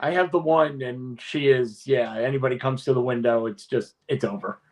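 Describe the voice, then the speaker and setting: Animated guest slipping into silly voices. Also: mid-range voice, moderate pace. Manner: animated, slips into mock voices and accents. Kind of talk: casual chat.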